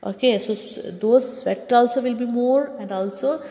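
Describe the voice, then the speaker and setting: A woman teacher explains a science lesson with a soft, mellow voice, pausing to check in with her students. Her voice carries a lingering reverb, as if recorded in a room with long echo. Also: a little high. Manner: explaining slowly with frequent checks like "okay" and "understood".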